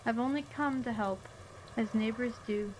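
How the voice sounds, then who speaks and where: A woman reading aloud as an unsettling old man who rambles about guidance and faith in a slow, solemn way. The voice sits a bit high, with a faint hiss of noise behind it. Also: darkish tone, close to an everyday voice, rough recording. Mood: ominous. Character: creepy old man, preachy and cryptic.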